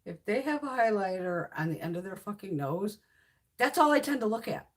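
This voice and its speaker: She talks a little fast in a mid-range voice: a beauty YouTuber in her fifties, swatching makeup during a casual livestream. Her storytelling is animated, blunt and full of swearing.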